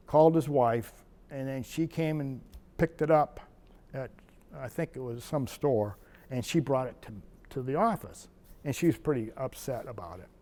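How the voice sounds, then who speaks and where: A man's voice: mid-range voice, darkish tone, in a large hall. An older man from Maine, a wildlife biologist, telling rambling anecdotes with restarts and quoted dialogue. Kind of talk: oral history storytelling.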